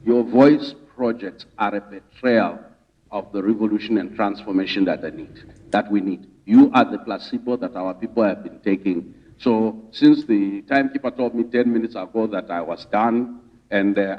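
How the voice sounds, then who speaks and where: A man's voice: on the low side, moderate pace. A man from Zimbabwe speaking as a rights advocate to a conference audience, stirring the room with repeated rhetorical questions. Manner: rousing, rhetorical questions, preacher-like repetition. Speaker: rights advocate giving a speech. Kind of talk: public speech to an audience. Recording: distant, dull hall recording.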